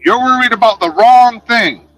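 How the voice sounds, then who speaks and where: A man with a high, bright voice that swings widely as he rants at his chat in a casual livestream. He talks in a profane, confrontational, sarcastic way. The sound is dry and close, with faint music playing behind him. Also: normal speed, no echo, rough recording.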